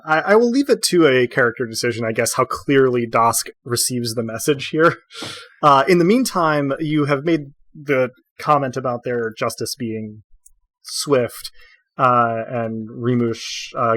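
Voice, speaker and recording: A man's voice: mid-range voice, a little slow, a bit bright, no room sound. A man narrating as game master for a tabletop role-playing game, describing scenes with frequent fillers.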